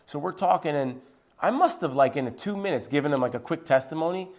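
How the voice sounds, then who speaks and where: A man telling a personal faith story in a lively, conversational way, acting out the dialogue as he goes. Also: on the high side, quick pace. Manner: acts out quoted dialogue with lively shifts; conversational, with "like" and "right?" asides. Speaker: Christian speaker sharing his testimony.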